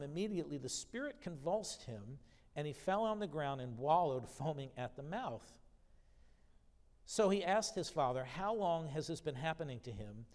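Man, pastor, sermon, slightly high voice, reads scripture emphatically, explains conversationally, long church reverb. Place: church sanctuary.

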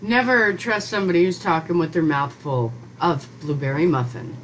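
A woman's voice: lowish voice, moderate pace, fairly bright tone, a little hiss or hum, poor audio. A woman in her forties, a mother playing video games with her son, chatting casually, teasing and scolding him. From Ohio, USA. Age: 40s. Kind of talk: casual gameplay chat.

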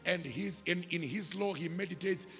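A South African pastor preaching in a high, gravelly, raspy voice with a sharp, forceful edge. His delivery is emphatic and rhythmic, full of call-and-response to the congregation. The sound carries a long church-hall reverb with faint music underneath. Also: normal speed. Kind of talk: sermon.

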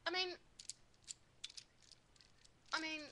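A woman's voice: very slow, sharp tone, a little hiss or hum. A woman giving a casual, blunt toy review on a poor built-in microphone, swearing constantly and muttering as she handles the toy.

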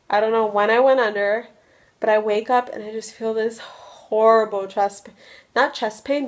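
Young woman vlogger, chatty and rambling, mid-range voice. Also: medium pitch. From Russia. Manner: chatty, many "like" fillers. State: a little loopy from medication. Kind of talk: casual storytelling vlog.

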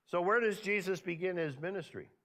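A man's voice: high voice, brisk, a bit bright. A male pastor preaching a sermon in church, talking conversationally and peppering the congregation with questions. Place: church sanctuary.

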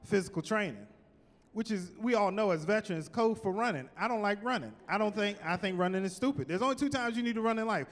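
High, lively male stand-up comic in a hall. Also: fast. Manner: animated, punchy delivery with rising exclamations. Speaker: stand-up comedian. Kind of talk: stand-up comedy set. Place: large theater stage. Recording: live hall with long reverb.

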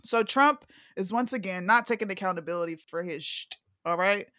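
A woman's voice: mid-range voice, brisk, dry recording, studio quality. A woman co-hosting a casual online talk show, goofy and jokey, talking over a video call. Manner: goofy, animated, jokey asides. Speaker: podcast co-host. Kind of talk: casual chat.

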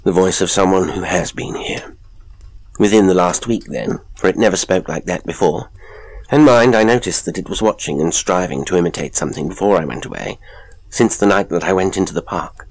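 A man voicing a high-strung professor in a high, sharp voice, pressing his questions insistently. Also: fairly quick. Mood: agitated. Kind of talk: audiobook character voice.

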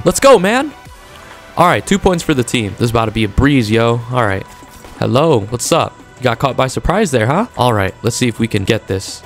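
Young male gamer, hyped play-by-play with casual slang, mid-pitched voice, faint music under it. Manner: excitable, trash-talking, casual slang. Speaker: gaming YouTuber. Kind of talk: energetic gameplay commentary.

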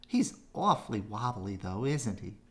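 A man voicing an excitable young male rabbit in a storybook read-aloud, chattering eagerly. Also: on the low side, unhurried.

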